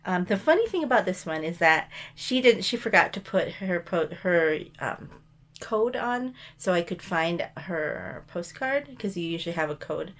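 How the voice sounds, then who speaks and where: A woman's voice: on the low side, animated, moderate pace, a bit bright. A woman chatting casually as she shows mail and thrift finds, rambling with frequent ums and restarts. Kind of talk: casual show-and-tell chat.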